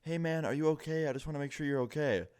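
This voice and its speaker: A man's voice: a little high, quick pace, a little mellow, clean tone, pitched above the performer's own voice, close to an everyday voice. A man voicing his worried young friend, who urgently keeps asking a stranger if he is okay. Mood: concerned, urgent. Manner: urgent, repeated questions.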